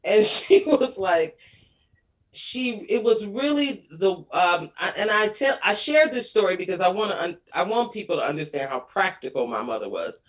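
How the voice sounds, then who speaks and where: A woman's voice: medium pitch, animated, normal speed. A woman in her forties, a guest on a talk show, telling family stories in casual chat, laughing often and acting out quotes.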